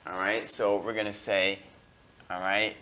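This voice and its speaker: An American man teaching an English grammar lesson, slowing down on key terms and filling pauses with okay and all right. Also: on the low side, flat delivery, pushed and bright. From United States. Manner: slows down to stress key terms.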